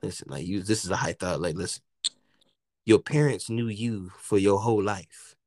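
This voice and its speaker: A man from the United States hosting a casual podcast chat, telling stories in an animated way with lots of slang and swearing and acting out what people said. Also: lowish voice, moderate pace, dry recording. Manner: animated storytelling, heavy slang and swearing, acts out quotes. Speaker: podcast host.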